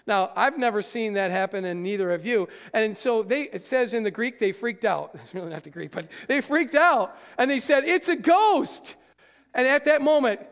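A man preaches in a high, gravelly voice, and his words trail off into the long reverb of a big church hall. He talks straight to his congregation, emphatic, moving between hushed and forceful. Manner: addresses the congregation directly. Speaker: pastor. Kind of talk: sermon.

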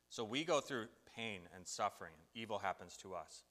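Animated male preacher in a reverberant hall. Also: on the low side, creaky. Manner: animated storytelling, acts out biblical voices. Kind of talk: sermon.

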